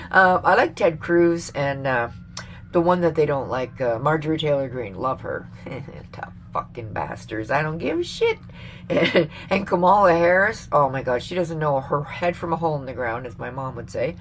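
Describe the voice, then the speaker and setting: Low-voiced woman ranting casually. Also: expressive, normal speed, a little hiss or hum. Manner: rambling, profane, laughs often. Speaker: vlogger. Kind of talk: casual opinion rant to camera.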